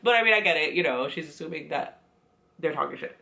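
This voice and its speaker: A woman with a somewhat low voice talks through a reality TV recap in a casual, chatty way. She is sassy and keeps dropping quoted asides into her commentary. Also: expressive, fast talker, vocal fry, bright, forceful tone. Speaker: recap vlogger.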